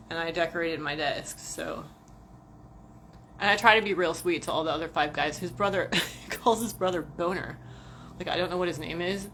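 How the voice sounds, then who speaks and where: Low-voiced woman in rambling profane chat. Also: fairly bright tone, slight background noise. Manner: talks to viewers as friends. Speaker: vlogger. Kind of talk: casual livestream chat.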